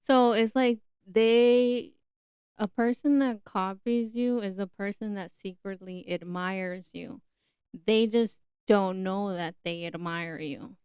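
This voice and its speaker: A woman's voice: mid-range voice, takes it slowly, darkish tone, clear, resonant tone, no echo, studio quality. A young woman hosting a podcast, talking in a blunt, opinionated and chatty way. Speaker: podcast host. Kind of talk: casual solo podcast talk.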